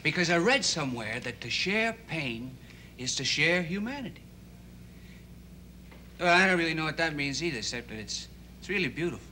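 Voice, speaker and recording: An earnest, idealistic teenage boy in a 1960s TV drama, his voice high, bright and lively. He rambles and stumbles through his thoughts with constant restarts. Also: slight background noise, full character voice. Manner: halting and rambling, full of restarts.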